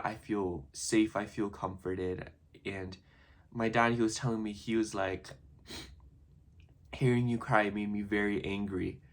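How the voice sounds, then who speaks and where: Low-voiced young man rambling reflectively. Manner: rambling and reflective, lots of "like" and restarts. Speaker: vlogger. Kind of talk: casual personal vlog monologue.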